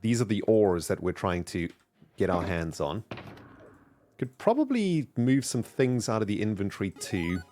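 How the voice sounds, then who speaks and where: A man with a low voice keeps up casual, upbeat commentary while he plays a game on stream. His pitch swings widely as he chats and thanks viewers, and soft music runs underneath. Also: very animated, a little slow. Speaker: live streamer playing a video game.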